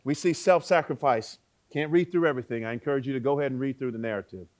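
A man preaching a sermon, with dramatic swings between loud exclaiming and hushed words and rhetorical questions to the listeners. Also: mid-range voice, quick pace.

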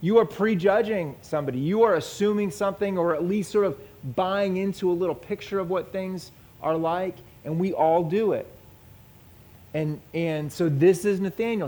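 A man teaching a Bible passage in a conversational way, asking his listeners questions and acting out the people in the story. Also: fairly high pitch. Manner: animated, asks the audience questions.

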